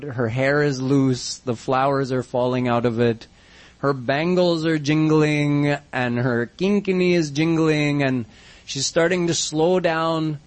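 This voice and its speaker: A man telling a devotional story as a sermon, narrating vividly and using Hindi devotional terms. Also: on the high side. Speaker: religious storyteller.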